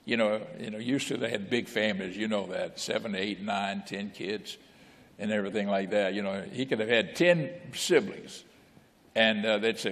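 A man's voice: on the low side, steady tone, moderate pace, a bit bright. A man, a bishop, preaching a sermon in a folksy way, repeating phrases and asking the congregation questions. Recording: long church reverb.

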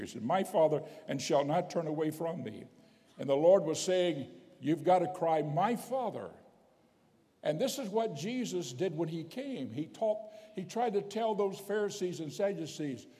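A man's voice: fairly high pitch, dark tone. A man preaching a sermon as bishop, emphatic, repeating key phrases for weight. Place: church sanctuary. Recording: long church reverb.

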